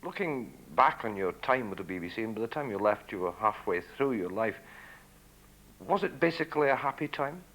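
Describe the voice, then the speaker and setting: A man with a fairly low voice puts courteous, admiring questions to his guest. He speaks in an even, attentive way. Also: a little fast, rough recording. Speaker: interviewer. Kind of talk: interview questions.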